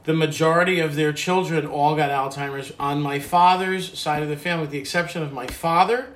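An older man reflecting on his family history in a relaxed conversation, halting at times as he remembers. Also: a little high. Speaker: guest telling family history. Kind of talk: casual conversation.

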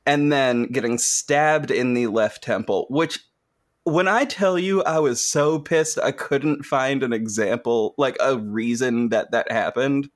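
Guy hosting a podcast, laughs a lot, cusses, middle pitch, just chatting. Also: measured pace. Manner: laughs often, swears freely, animated storytelling. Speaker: podcast host. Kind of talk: casual chat.

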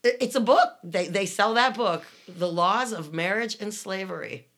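With a fairly bright, medium-pitched voice at a normal speed, a woman tells casual stories about her days in a commune. As a guest, she rambles, keeps starting over, and laughs during the telling.

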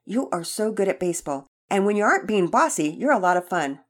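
Reading from a storybook, a woman voices an earnest young boy who is eager to make things right. She uses a high, keen voice and delivers it briskly, with lots of animation.

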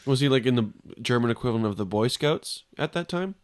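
A man's voice: medium pitch, expressive, fast. A man co-hosting a podcast, joking and teasing his guests in casual chat. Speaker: podcast co-host.

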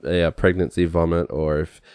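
A man's voice: deep voice, flat delivery, a little fast, a little mellow, smooth, no room sound, studio quality. A laid-back man co-hosting a podcast, agreeable and a little hesitant in casual chat. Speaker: podcast co-host.

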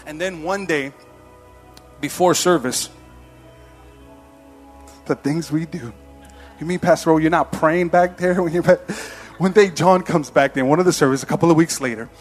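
A male pastor with a fairly high voice preaching in a church. He tells lively stories and laughs at himself along the way. Soft music plays underneath. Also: moderate pace, long pauses. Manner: animated storytelling, laughing at himself. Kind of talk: sermon.

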